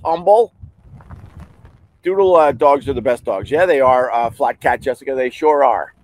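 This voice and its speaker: A man hosting a podcast, telling a story in a casual, animated way, often repeating words and restarting sentences. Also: normal speed, rough recording. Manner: animated, acts out quotes with big pitch jumps. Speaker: podcast host.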